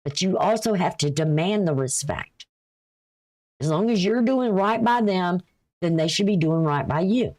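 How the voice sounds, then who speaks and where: A woman's voice: lowish voice, animated, unhurried, darkish tone. A woman giving a casual, folksy astrology reading, chatty and advice-giving, with a runny nose. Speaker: astrology and tarot reader.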